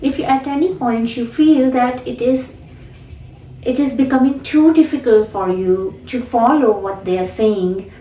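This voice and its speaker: A woman English teacher explaining pronunciation deliberately, then repeating phrases to demonstrate. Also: on the high side, dark tone, reverberant, far from the mic, rough recording. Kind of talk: spoken lesson with demonstration.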